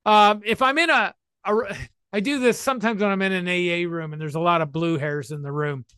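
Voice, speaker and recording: A man in his sixties with a high, bright, forceful voice, recorded dry and close. He speaks about recovery in a playful, emphatic, animated way. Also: brisk, smooth, dry recording. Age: 60s. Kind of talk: talk to listeners on recovery.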